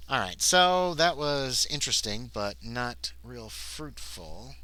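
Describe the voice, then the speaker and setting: A man's voice: mid-range voice, sing-song, slow, few pauses, sharp tone. A man livestreaming a solo tabletop game, reading the game text aloud and chatting casually in between. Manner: reads game text aloud, then chats casually to himself and chat. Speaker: solo game player, streamer.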